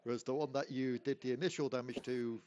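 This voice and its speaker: A man runs a tabletop game, his voice sitting at an ordinary middle pitch. He describes the scene in a relaxed, easygoing way. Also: fast talker, dull audio, noisy background. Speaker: game master.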